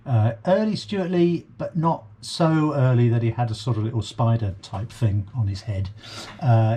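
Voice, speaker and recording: Reaction host, British man, casual and hesitant, warm mellow tone with a slightly husky edge. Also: fairly low pitch. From Britain. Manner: hesitant, full of ums and trailing asides. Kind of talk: casual chat.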